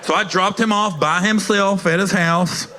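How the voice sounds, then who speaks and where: High, bright-voiced man doing stand-up. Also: steady tone, normal speed, a little hiss or hum. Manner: profane, laughing between lines. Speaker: stand-up comedian. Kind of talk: stand-up storytelling.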